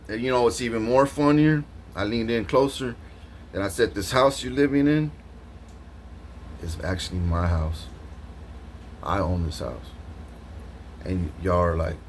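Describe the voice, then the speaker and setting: Vlogger guy, lowish voice, rambling and slangy, laughs a lot, faint hiss behind. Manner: animated, laughs often, slangy, lots of restarts. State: just woke up from a nap. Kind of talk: rambling casual monologue to camera.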